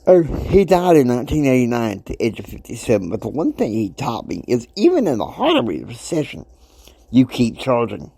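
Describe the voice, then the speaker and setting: Emphatic man in his fifties, lively pitch. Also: fairly quick, gravelly, slightly rough, no echo. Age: 50s. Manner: emphatic, preachy, swings between soft asides and loud outbursts. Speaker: podcast host. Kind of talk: motivational podcast monologue.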